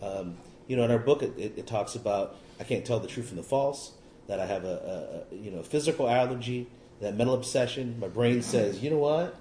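A man's voice: on the low side, a little fast, warm tone, a little hiss or hum. Rambling middle-aged man in an echoey room. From California. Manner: rambling, self-deprecating, wry humor. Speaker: recovery meeting speaker. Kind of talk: personal testimony talk.

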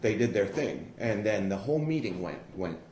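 A man's voice: lowish voice, moderate pace. Blunt, profane man with an echoey voice. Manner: blunt, profane, self-mocking, animated. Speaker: storyteller. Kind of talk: personal recovery story told to an audience. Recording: echoey room with background noise.

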